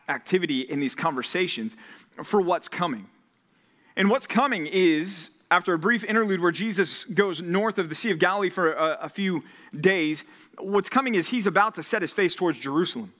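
Man, young pastor, sermon, bright voice, slightly high, conversational, lively when quoting. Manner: conversational preaching, rising animated when quoting Jesus. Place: church or ministry hall.

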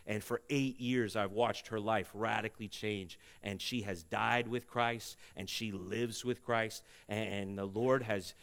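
A man preaching a sermon as a pastor in a church, earnest, rising to loud emphatic peaks and dropping to hushed, tender stretches, ending in prayer. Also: lowish voice, fairly even intonation, measured pace, hardly any pauses. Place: church sanctuary.

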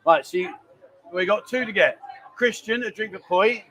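A man's voice: high-pitched, normal speed, a bit bright, slight background noise, low-quality recording. A middle-aged man hosting a live stream, chatty and bantering as he rambles along. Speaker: livestream host. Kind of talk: casual live-stream chat.

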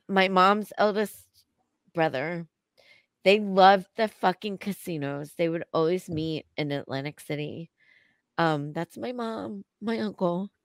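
A woman co-hosting a casual podcast, talking haltingly and emotionally with many restarts, close to tears. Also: medium pitch, clear, resonant tone, dry recording. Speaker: co-host.

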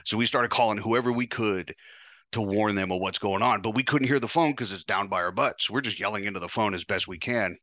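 A man's voice: fairly low pitch, fairly quick, bright, forceful tone, no room sound. A man hosting a podcast, telling a first-person story in a casual, profane, wry way. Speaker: podcast host.

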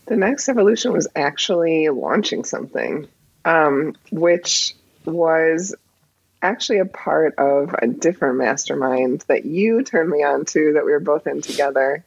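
A woman's voice: low-pitched, lively intonation, unhurried, creaky, husky, dry recording, lo-fi sound. A woman guest in casual interview chat, telling her story animatedly with frequent laughter.

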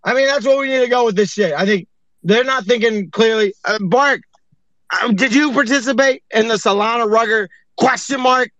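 A man's voice: very high-pitched, normal speed, fairly bright tone, no room sound, lo-fi sound. A man hosting a casual online chat, talking in a profane, rambling, exasperated way. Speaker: host. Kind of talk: casual chat on an audio stream.

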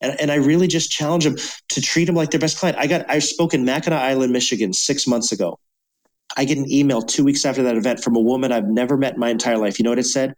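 A man in a podcast interview speaks as a seasoned leadership keynote speaker. His voice sits at an ordinary middle pitch, and he tells stories emphatically, slipping into the voices of the people he describes. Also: steady tone, quick pace. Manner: emphatic, acts out dialogue. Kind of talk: storytelling podcast guest.

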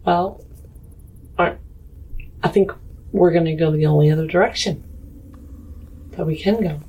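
A woman playing a tabletop role-playing game who states her character's actions deliberately. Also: on the low side, darkish tone, a little hiss or hum, poor audio. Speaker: player.

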